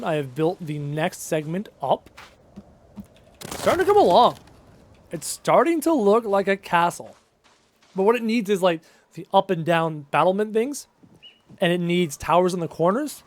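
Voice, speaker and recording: High-voiced male game streamer. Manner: reads viewer questions aloud and answers them chattily; hums little tunes to himself between thoughts. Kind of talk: casual live stream Q&A while playing.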